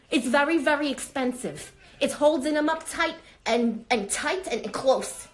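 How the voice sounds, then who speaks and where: A woman playing a brash, foul-mouthed older grandmother, rambling in an improvised phone livestream. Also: high-pitched. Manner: rambling, brash, swearing, easily sidetracked. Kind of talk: improvised comedy character livestream.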